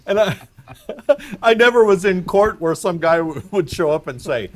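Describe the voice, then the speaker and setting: A man's voice: high voice, lively intonation, moderate pace. A middle-aged man, a former traffic cop, telling laughing anecdotes in a casual podcast chat.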